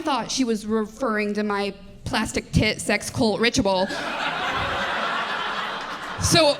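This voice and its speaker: A woman in her twenties doing a live stand-up set on a comedy club stage. She talks quickly, with a self-deprecating tone, giggles often, and chats with the audience through a handheld mic. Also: sits high, fairly bright tone. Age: 20s.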